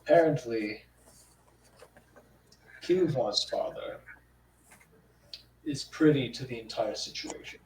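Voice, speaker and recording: A man's voice: mid-range voice, expressive, slow pace, long pauses, a little mellow. A man speaking in character as a player in a tabletop role-play, rambling and hesitant with many fillers. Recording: roomy sound, from far off, faint noise.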